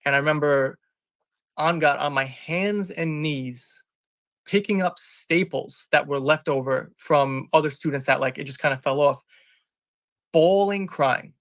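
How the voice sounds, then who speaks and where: Earnest, bright-voiced man rambling through a story. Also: a little high, unhurried, no room sound. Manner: earnest and rambling, often restarting and correcting himself. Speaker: interview guest, business founder. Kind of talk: candid personal storytelling in conversation.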